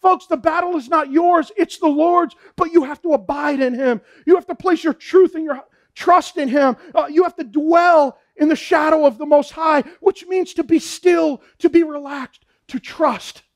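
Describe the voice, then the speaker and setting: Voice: high voice, normal speed. A pastor preaching a sermon in a fervent, repetitive way, often saying "man" and "folks".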